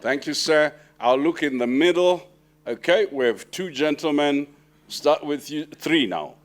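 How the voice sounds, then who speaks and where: A man chairing an audience Q&A at a book launch, brisk and bantering, pushing people to keep it short. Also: fairly high pitch, lively intonation. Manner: brisk, bantering, urging brevity. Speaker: moderator of audience questions. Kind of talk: chairing a Q&A session. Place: lecture hall with an audience.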